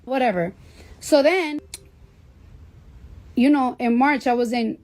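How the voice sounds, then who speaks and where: A woman with a slightly high voice tells a story to her livestream viewers. She rambles and swears freely, with "like" in nearly every sentence, in a casual storytelling tone. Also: takes it slowly, a little mellow. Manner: rambling, profane, heavy use of "like".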